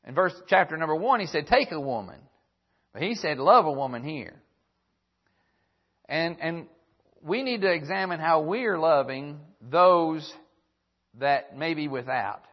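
A man's voice: fairly high pitch, lively intonation, a little slow, long pauses, lo-fi sound. A man preaching a sermon, reading old-fashioned scripture verses aloud and circling back to repeat key phrases. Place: church broadcast on radio.

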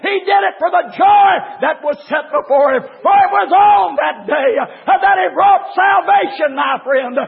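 A man preaching a fiery sermon, shouting in a chanting cadence, with a gravelly voice, recorded in a church. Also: very high-pitched, a little slow, hardly any pauses, a faint crowd. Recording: tinny phone-like recording in a reverberant hall.

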